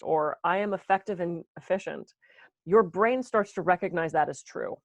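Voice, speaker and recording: A woman from the US East Coast giving a conference talk on stress, talking fast and poking fun at herself. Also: medium pitch, expressive, no room sound. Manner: fast-talking, self-deprecating, acts out her inner voice. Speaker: wellness speaker. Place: conference room.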